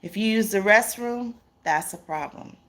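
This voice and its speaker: A woman's voice: medium pitch, moderate pace, fairly bright tone. A woman hosting a live stream in a casual, earnest way, repeating points for emphasis and greeting chat viewers by name.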